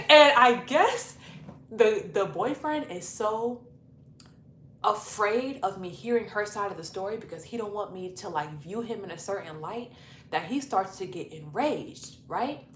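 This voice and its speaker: A young woman dishes out a personal story to the camera, lively, chatty and unfiltered with her language. Her voice is bright and forward. It rings in a roomy space over a faint background hum. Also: mid-range voice, normal speed. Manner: animated, chatty, profane, laughing storytelling. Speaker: YouTube storyteller. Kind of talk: casual storytime vlog. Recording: roomy echo, faint noise.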